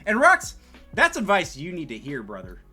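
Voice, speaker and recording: A man co-hosting a casual podcast chat, his voice bright and lively with big swings in pitch. He jumps from loud, excited bursts to low, mumbled trailing words and laughs often. Faint music plays underneath. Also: normal speed. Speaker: podcast co-host.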